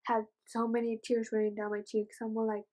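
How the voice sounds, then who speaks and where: A woman retelling a novel's plot in a casual book review vlog, gushing and excitable, with rambling asides and many fillers. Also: a little high, moderate pace, poor audio. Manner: gushing, excitable, says "oh my gosh" often.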